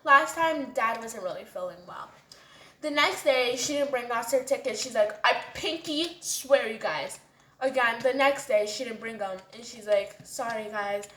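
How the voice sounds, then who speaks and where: A woman's voice: a little high, normal speed, fairly bright tone. A woman narrating a storytime in a chatty, casual way. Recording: roomy echo.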